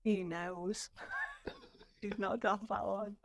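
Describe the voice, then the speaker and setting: A young woman hosting a podcast shares parenting stories in a chatty, casual way, laughing often. Her mid-range voice is steady in tone, and she draws out her words.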